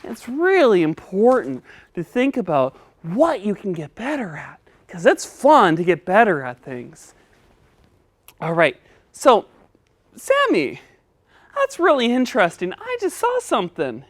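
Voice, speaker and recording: A woman's voice: mid-range voice, big pitch swings, measured pace. A woman teaching a children's speech lesson, patient and encouraging, coaching step by step.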